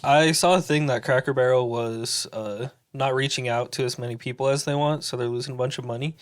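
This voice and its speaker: A young man on a podcast with friends, chatting casually and dropping deadpan joke lines. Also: medium pitch, brisk. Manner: jokey, deadpan one-liners. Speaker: podcast co-host. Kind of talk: casual chat among friends.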